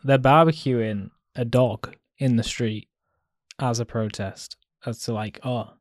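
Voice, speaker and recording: A man's voice: mid-range voice, steady tone, slow, no echo, studio quality. A man co-hosting a podcast, chatty and eager to jump in with a story. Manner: eager, chatty, interrupts to tell stories. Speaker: podcast co-host. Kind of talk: casual banter.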